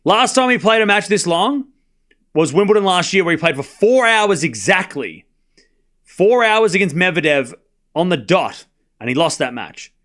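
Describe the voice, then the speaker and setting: A man with a high voice calls a tennis match live for his stream. He is up late at night, trades quick banter with his viewers and rattles off each score as it comes. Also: expressive, fairly bright tone. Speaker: livestream tennis commentator. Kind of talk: casual play-by-play commentary and chat replies.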